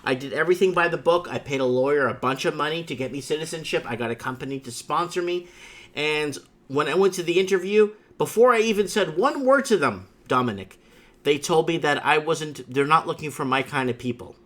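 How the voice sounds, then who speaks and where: A man hosts a casual livestream chat in a fairly high voice. He tells his stories emphatically and rambles, circling back to the same points with repeated asides. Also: a little fast, a bit bright. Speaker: livestream host.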